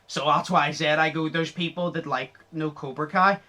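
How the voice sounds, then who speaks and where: A young man hosting a podcast, chatting casually, excitable, laughing often and swearing freely. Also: fairly high pitch, normal speed. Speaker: podcast host.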